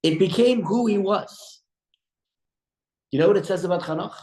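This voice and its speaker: A man teaching a religious study class as a rabbi, telling stories in an animated way with frequent restarts. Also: high-pitched, normal speed. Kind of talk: storytelling religious lesson. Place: room at a breakfast study group. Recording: echoey room.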